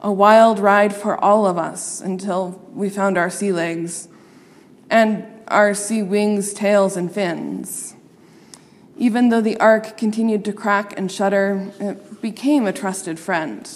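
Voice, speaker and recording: A woman reads a children's story aloud at a slow, unhurried pace. She plays up the sound words with relish. Her voice rings with a long reverb. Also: medium pitch. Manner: expressive, playing up sound words.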